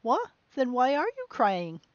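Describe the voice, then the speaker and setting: A friendly little boy who keeps coaxing and questioning, as a woman reads him aloud. His voice is somewhat high. The sound is dry and a bit dull. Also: huge pitch swings, a little slow, no room sound, exaggerated voice.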